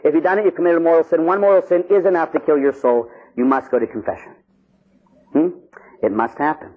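A Catholic priest preaching an animated, jokey sermon, acting out little scenes for his listeners. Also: on the high side, fast talker, narrow, tinny audio. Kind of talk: lively sermon with acted-out stories.

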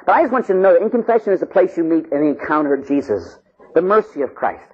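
A man preaching a sermon as a priest, intense, swinging between loud pleading and hushed tones. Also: fairly high pitch, sing-song, fast talker, breathy edge, dull audio.

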